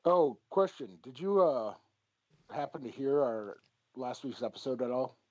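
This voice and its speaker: A man's voice: mid-range voice, expressive, a little slow, darkish tone, no room sound. A man hosting a podcast in casual chat, talking bluntly with plenty of swearing and rambling asides. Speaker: podcast host. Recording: dull lo-fi audio.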